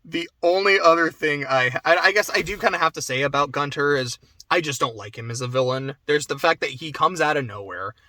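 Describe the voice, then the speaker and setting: A young man giving a casual spoken game review, animated, swearing and going off on asides. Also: fairly high pitch, fairly quick, hardly any pauses, dry recording. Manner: animated, swears, laughs often, trails off into asides.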